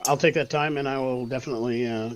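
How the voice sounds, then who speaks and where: A man's voice: medium pitch, steady tone, fast talker, over a noisy crowd. A man playing a tabletop game over a voice call, hesitant, thinking aloud with many fillers. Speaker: player. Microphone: online voice call mic.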